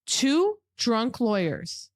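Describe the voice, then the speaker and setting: Animated woman telling a story. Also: a little high, extremely slow, dry recording, clean studio sound. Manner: animated, acts out quotes, laughs often. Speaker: podcast co-host. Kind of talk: comedic storytelling chat.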